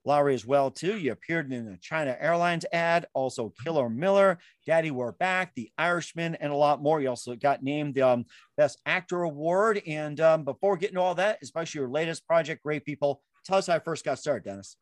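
Male host, introducing a guest, slightly high voice, dry close sound. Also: brisk, dry recording. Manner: reads guest credits with fillers. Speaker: interview host. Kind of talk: interview introduction.

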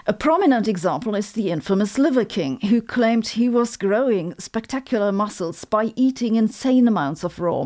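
A woman's voice: medium pitch, a little mellow. German-accented woman giving a dry lecture. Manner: lecturing with dry sarcastic jokes. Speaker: physicist and video host. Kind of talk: scripted educational monologue.

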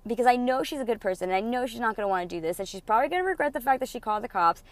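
An adult mother tells her own story in a candid storytime monologue, speaking very fast in an expressive, somewhat high voice. She's blunt, emotional and freely profane, acting out what other people said in dialogue.

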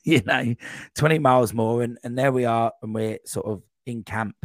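A man's voice: medium pitch, normal speed, dry recording. Dry-sounding man telling a rambling story. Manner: rambling, animated anecdote with quoted voices. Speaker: podcast guest. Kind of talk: casual storytelling.

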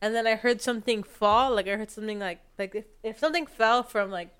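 A woman's voice: fairly high pitch, quick pace, fairly bright tone, clean tone. A young woman co-hosting a podcast, rambling in casual chat with lots of fillers and restarts. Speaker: podcast co-host.

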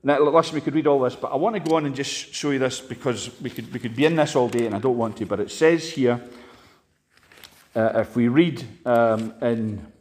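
A man preaching an impassioned sermon, swinging between loud emphatic peaks and hushed asides. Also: mid-range voice, fairly quick.

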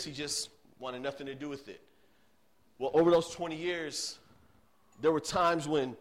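Earnest pastor preaching. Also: male voice, mid-range voice. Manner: earnest storytelling, swinging between loud emphasis and hushed tones. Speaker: youth pastor. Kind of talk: sermon.

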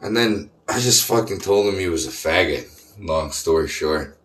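In an echoey room of an apartment complex, a man in his thirties rants casually, profane, rambling and sarcastic. His low voice is animated and fairly bright, at a moderate pace.

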